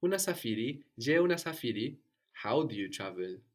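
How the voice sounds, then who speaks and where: A man teaching a language lesson, patient and prompting, often checking understanding with a quick "no?". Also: mid-range voice, sing-song.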